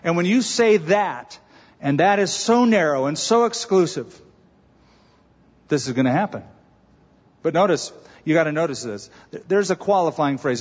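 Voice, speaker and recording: A man's voice: a little high, expressive, moderate pace, long pauses, slightly rough. A man preaching a sermon as pastor, conversational with humor and emphatic stresses. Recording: dull reverberant sanctuary recording.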